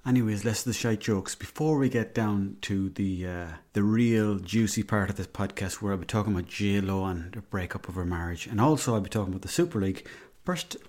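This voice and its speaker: A man's voice: fairly low pitch, fairly quick, darkish tone. A man with an Irish accent, hosting a podcast as a rambling comic monologue, full of swearing and asides. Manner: rambling, profane storytelling. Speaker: podcast host.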